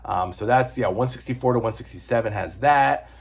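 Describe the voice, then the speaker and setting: A comic book reviewer chats casually through a comic collection, rambling and digressing with the occasional swear word. He speaks briskly in a husky-grained voice at an ordinary middle pitch.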